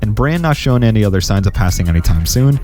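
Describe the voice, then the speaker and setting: A man narrating a scripted gaming history video in a steady, explanatory way. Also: lowish voice, quick pace, soft background music.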